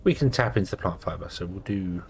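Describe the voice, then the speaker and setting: A man's voice: low-pitched, expressive, fast talker, gravelly. A sleepy man casually commenting on his own gameplay, thinking aloud with lots of fillers. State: sleepy, yawning. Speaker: gameplay streamer.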